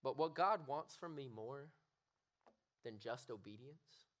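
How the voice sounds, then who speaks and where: A man's voice: medium pitch, animated, slow. Earnest young man preaching to youth. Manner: earnest, builds to raised emphatic pleading. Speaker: youth pastor. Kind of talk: youth sermon. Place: youth service room with audience.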